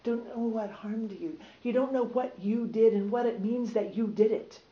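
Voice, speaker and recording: A woman reading a passage aloud to an audience, then talking it over in a relaxed, loose way. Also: fairly high pitch, normal speed. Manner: relaxed, loose, many fillers. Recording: roomy, slightly dull recording.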